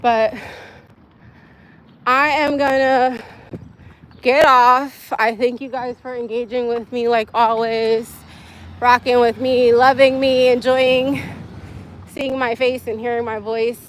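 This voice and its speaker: A woman's voice: a little high, flat delivery, slow, long pauses. A young woman hosting a casual livestream from her phone, talking candidly with viewers in a rambling way and laughing often. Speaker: livestream host. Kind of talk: casual live-stream chat with viewers.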